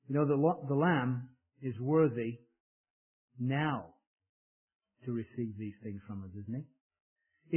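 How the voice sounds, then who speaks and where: A man from England preaching a sermon in an emphatic style, rising loud and dropping soft. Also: fairly high pitch, normal speed, pauses often. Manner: emphatic preaching with swells and drops in volume. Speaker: pastor. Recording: tinny phone-like sound.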